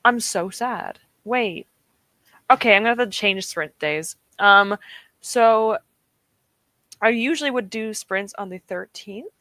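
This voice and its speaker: A woman's voice: medium pitch, unhurried, long pauses, pushed and bright, no room sound. A young woman hosting a reading stream from her desk, chatting casually with her viewers and laughing often. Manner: chatty and giggly, often laughs and reacts to chat. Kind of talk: casual chat with live chat. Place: home desk.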